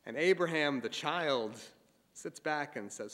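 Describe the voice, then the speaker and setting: A male speaker tells an old religious story with dramatic flair. His voice is bright and rises high, and a long echo trails behind it in a large hall. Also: animated, unhurried. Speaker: symposium speaker. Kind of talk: storytelling speech.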